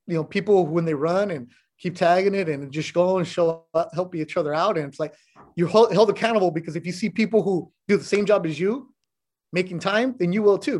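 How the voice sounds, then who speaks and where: A middle-aged man, a sports broadcaster, chatting as a podcast guest, telling stories bluntly and with animation, swearing now and then. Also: high-pitched. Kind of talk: casual chat.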